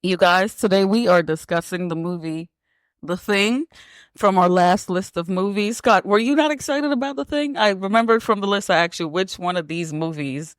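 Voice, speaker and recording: A woman's voice: mid-range voice, moderate pace, no room sound. A woman hosting a casual podcast, teasing her co-host and laughing often. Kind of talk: casual chat.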